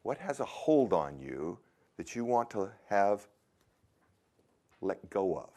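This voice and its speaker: A man's voice: on the low side, big pitch swings, takes it slowly, warm tone. A man speaking to a workshop audience, asking them direct questions and coaching them in a plain, conversational way with some hesitations. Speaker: workshop leader. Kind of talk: motivational workshop talk.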